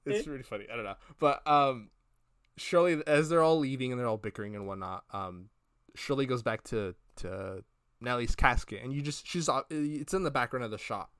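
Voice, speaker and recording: In a dry, studio-quality recording, a podcast co-host with a mid-range, slightly bright voice speaks at a moderate pace. He loosely recaps scenes for a casual review chat, acting out what the characters say.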